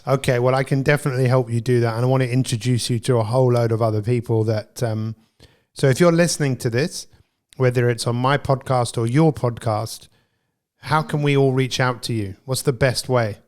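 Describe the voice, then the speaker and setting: A man's voice: mid-range voice, brisk, a little mellow. A man hosting a podcast interview, asking questions in an encouraging way. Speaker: podcast host. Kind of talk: casual interview chat.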